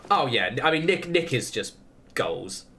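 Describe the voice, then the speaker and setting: A man's voice: medium pitch, sing-song, unhurried, bright, forceful tone, a little hiss or hum. A man chatting casually while streaming a game, rambling through opinionated tangents and laughing often. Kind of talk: casual chat while gaming.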